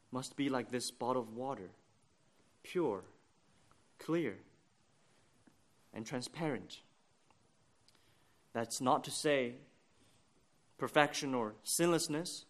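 A man delivering a sermon in a steady, mid-range voice. He speaks earnestly and deliberately, lifting his voice at key points and dropping it low at others. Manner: earnest, deliberate preaching with rising emphasis. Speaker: preacher.

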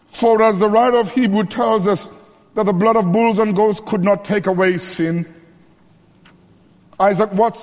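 Man preaching, kinda high voice, slow and deliberate, big echo from a hall. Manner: preaching with wide swings between raised emphatic lines and low quiet ones; slows down to stress key phrases. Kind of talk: sermon.

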